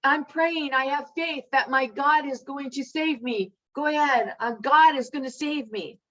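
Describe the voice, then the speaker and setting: A woman's voice: high-pitched, unhurried, fairly bright tone, dull audio. A woman voicing a stubborn man stranded on his roof in a flood, insistent and pleading.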